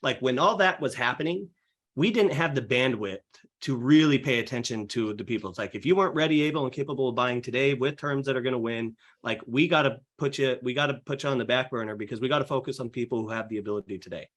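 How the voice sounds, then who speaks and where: A fast-talking young man with a mid-range, somewhat bright voice is a real estate agent guesting on a podcast. He explains with eager, casual energy, heavy on fillers, and acts out client quotes.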